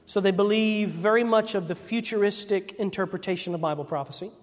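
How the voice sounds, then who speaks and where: A man giving a sermon testimony, telling a personal story in an animated way and acting out the voices of the people in it. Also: sits high. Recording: long hall reverb.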